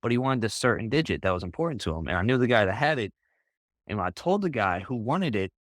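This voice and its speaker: A man's voice: fairly low pitch, big pitch swings, fast, no room sound, clean studio sound. A man, a guest on a group voice call, telling a story in a casual, rambling way, leaning on "like" and "bro" and restarting his sentences. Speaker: interview guest.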